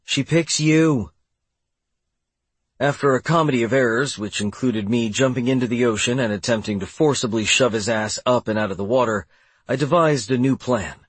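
A man reads a first-person audiobook with a wry, sardonic delivery. His voice sits at an average pitch with a husky texture, and the recording is dry and close. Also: a little fast, no echo. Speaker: audiobook narrator.

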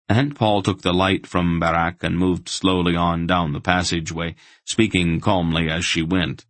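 A man narrating an audiobook in a steady, even storytelling voice. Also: deep voice, normal speed, hardly any pauses, dry recording.

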